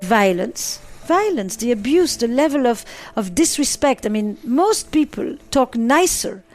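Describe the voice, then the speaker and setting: A woman's voice: a little high, very animated, unhurried, soft background music. A woman therapist answering interview questions, stressing points by repeating and listing words. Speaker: relationship therapist.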